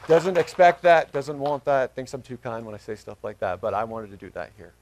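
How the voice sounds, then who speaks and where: A middle-aged male pastor preaching a sermon, swinging from loud emphatic calls to soft, tender words. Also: medium pitch, steady tone, a little fast, background noise.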